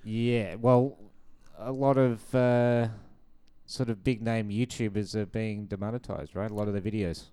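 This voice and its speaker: A man's voice: fairly low pitch, steady tone, unhurried, mellow, clean tone. A man co-hosting a casual podcast, dry and wry, sometimes hesitant. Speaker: podcast co-host. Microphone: studio microphone.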